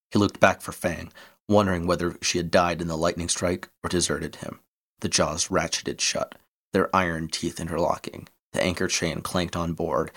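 A man reading an adventure story aloud in a steady, measured way. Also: low-pitched.

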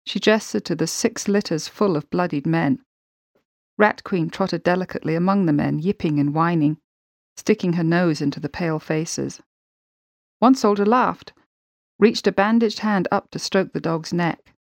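A woman narrating a war story in a steady, measured way. Her voice sits fairly low, and the recording is close and dry with no room sound. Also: gravelly, no room sound. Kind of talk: audiobook narration.

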